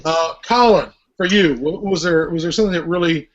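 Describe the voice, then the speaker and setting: Man, podcast host, high voice, animated, swears freely, lo-fi sound. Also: a little fast, slight background noise. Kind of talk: casual chat. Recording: lo-fi podcast audio.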